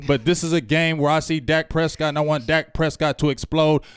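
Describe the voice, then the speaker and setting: Male football show host, excitable, trash-talking, smooth higher voice. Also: fairly quick, no room sound. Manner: animated, emphatic, trash-talking. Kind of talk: excited fan sports talk.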